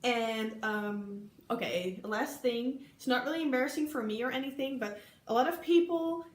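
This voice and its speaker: A woman's voice: on the high side, moderate pace. Giggly Dutch young woman, echoey room. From Netherlands. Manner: chatty, giggly, many ums, acts out quoted people. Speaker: vlogger recalling an exchange year. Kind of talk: casual storytelling to camera.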